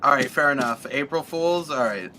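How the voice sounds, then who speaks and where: Easygoing guy co-hosting a game stream, really bright sharp voice. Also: medium pitch, lively intonation, normal speed. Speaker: co-host. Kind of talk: casual gaming chat.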